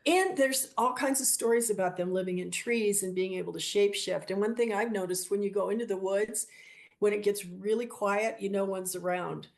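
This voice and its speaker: Woman guest, gravelly voice, lively storyteller who acts out quoted people. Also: mid-range voice, moderate pace. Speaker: guest, shop owner. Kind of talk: storytelling interview.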